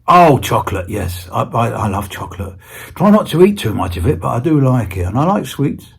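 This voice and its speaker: A man's voice: mid-range voice, sing-song, fairly quick, creaky, slightly rough. A British man as an interview guest, chatting casually in a playful, rambling way with stammered restarts. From Britain. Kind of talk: casual chat.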